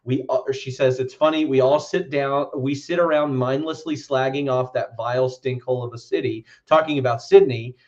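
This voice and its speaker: Man, podcast co-host, casual film chat, rambling, swears freely, middle pitch, dull lo-fi sound. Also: fairly even intonation, normal speed, few pauses.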